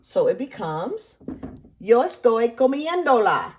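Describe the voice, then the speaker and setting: A woman's voice: a little high, sing-song, takes it slowly, a little mellow, a little hiss or hum. A woman teacher explaining grammar step by step in a recorded lesson, patient and repetitive, often checking in with "right?" and "okay?". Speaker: Spanish teacher. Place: classroom or home, remote teaching.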